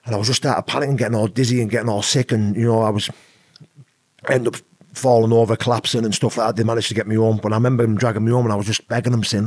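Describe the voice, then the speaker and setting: A man's voice: on the low side, fairly even intonation, very fast, husky, dry recording. A British man telling a personal story as a podcast guest, rambling and casual, often saying "you know what I mean". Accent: British English. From Britain. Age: adult with an eleven-year-old son.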